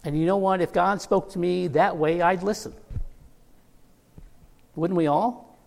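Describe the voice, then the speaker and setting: Middle-aged guy preaching, kinda high voice, jokey storytelling, big echoey church hall. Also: a little slow, gravelly. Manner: storytelling with humor, quoting characters in lively voices. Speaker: pastor. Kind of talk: sermon. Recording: long hall reverb.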